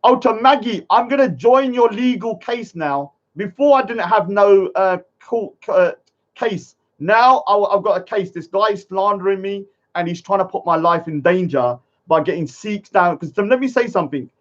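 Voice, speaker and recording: An indignant young man rants heatedly to his live-stream viewers, repeating himself and checking in with "yeah?". His voice sits high, and the stream audio is muffled and lo-fi. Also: normal speed.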